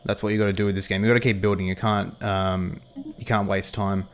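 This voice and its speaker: A man's voice: fairly low pitch, flat delivery, fairly quick. A man casually talking through a strategy game on a livestream, thinking aloud with frequent ums and reading chat messages aloud. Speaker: livestream gamer.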